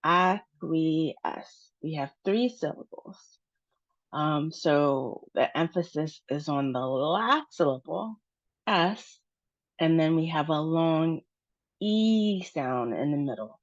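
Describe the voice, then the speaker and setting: Speaking slowly and expressively in a low register, an American pronunciation teacher walks through stress and syllables with patience. Her lesson comes through on a dry, dull, lo-fi recording.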